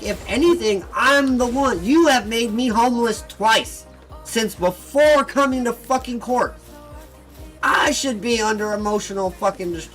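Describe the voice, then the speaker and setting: A man hosting a gaming channel, ranting heatedly and with lots of swearing about his personal troubles, flipping between bitter muttering and loud outbursts. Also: high-pitched, low-quality recording. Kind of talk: venting casual rant. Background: faint background music.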